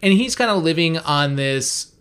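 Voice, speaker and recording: A man co-hosting a movie review podcast, talking in a quick, animated and wry way. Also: fairly high pitch, clear, resonant tone. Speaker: podcast co-host. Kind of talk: casual movie review chat.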